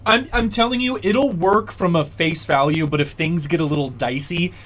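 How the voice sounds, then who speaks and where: A man's voice: on the high side, normal speed, a bit bright. A man running a tabletop game as dungeon master, patiently explaining the rules and narrating the scene, with many fillers along the way.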